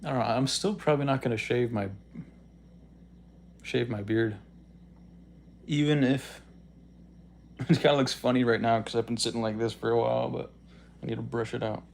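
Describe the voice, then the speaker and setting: A man's voice: mid-range voice, moderate pace, creaky, long pauses, a little hiss or hum. A man on a livestream, casually chatting and joking as he reads out viewer comments. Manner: relaxed, joking, laughs often.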